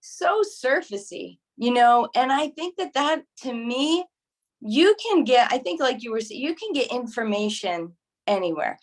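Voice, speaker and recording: A woman's voice: fairly high pitch, very animated, measured pace. Earnest, enthusiastic woman testimonial, video call. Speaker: mentor and graduate sharing experience.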